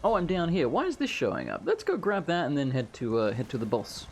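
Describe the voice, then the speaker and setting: A man hosting a let's play, giving joking, chatty commentary and reacting loudly to the game. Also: fairly high pitch, huge pitch swings, a little fast, gravelly, few pauses, a little hiss or hum. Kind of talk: gameplay commentary.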